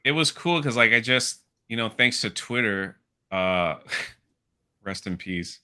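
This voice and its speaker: A man chatting casually on a podcast, retelling film scenes with animated impressions. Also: fairly low pitch, takes it slowly, smooth. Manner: animated storytelling, mimics movie lines. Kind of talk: casual chat.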